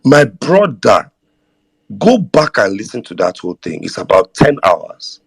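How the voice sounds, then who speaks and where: A man's voice: lowish voice, big pitch swings, measured pace, gravelly, breathy edge, no echo. A man with a Nigerian accent co-hosting a live audio chat room, emphatic and sweeping, mixing in pidgin.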